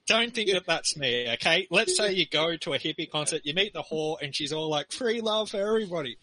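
A man's voice: fairly high pitch, fairly quick, pushed and bright, slight background noise, poor audio. An Australian man talking loosely in a casual group discussion, rambling and laughing between points. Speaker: forum participant.

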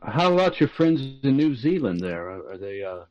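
A man in his fifties joins a casual group discussion, and his pitch swings freely as he speaks. He halts often and fills the gaps. The audio is dull and lo-fi. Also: sing-song. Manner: halting, many filler pauses. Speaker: forum participant.

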